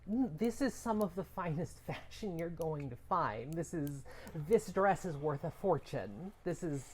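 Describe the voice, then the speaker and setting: A woman's voice: sits low, animated, unhurried, a little mellow, a little hiss or hum. A woman voicing a wealthy, haughty succubus who boasts proudly about her fine dress. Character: haughty, wealthy female succubus in a Victorian gown.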